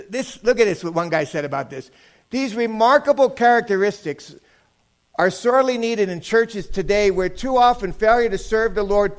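A male pastor preaching a sermon, emphatic, swinging from loud shouted lines down to quiet asides. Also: high-pitched. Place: church sanctuary.

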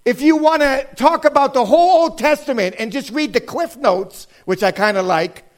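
Very high-voiced man preaching emphatically. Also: moderate pace. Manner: emphatic, swings from loud shouting to low asides. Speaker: pastor. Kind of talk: sermon. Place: church sanctuary.

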